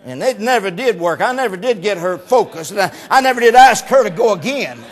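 A preacher with a strikingly high voice and a drawl. He tells a homespun story in a loose, folksy way and climbs into shouted preaching. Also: lively intonation, a little fast. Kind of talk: sermon.

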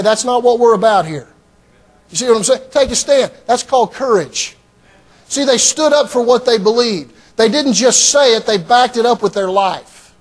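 A man preaching a sermon as pastor, emphatic and repetitive, often starting lines with "hey" and "see". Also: very high-pitched.

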